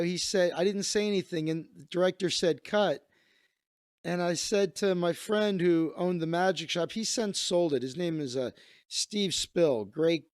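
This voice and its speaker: A man's voice: a little high, no echo, studio quality. A man hosting a comedy show, telling a rambling story in a casual monologue with asides and laughter. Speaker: comedian host.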